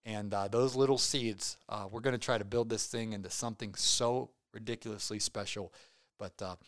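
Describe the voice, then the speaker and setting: Excitable rambling male podcast host. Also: fairly low pitch, normal speed, no echo, clean studio sound. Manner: rambling, excitable, self-joking, many fillers. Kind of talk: casual podcast sign-off chat.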